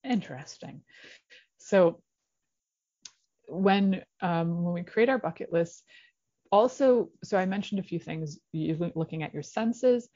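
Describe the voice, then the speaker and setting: A woman's voice: on the low side, expressive, measured pace, long pauses, warm tone, no echo. A middle-aged woman hosting a talk show, chatty and encouraging with playful asides. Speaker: radio show host. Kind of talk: casual solo talk show monologue. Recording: slightly dull lo-fi recording.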